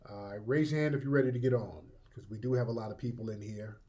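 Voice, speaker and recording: Male call-in host, combative, repetitive, mid pitch. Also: quick pace, mellow. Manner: combative, repetitive, talks over callers. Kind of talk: live call-in audio room.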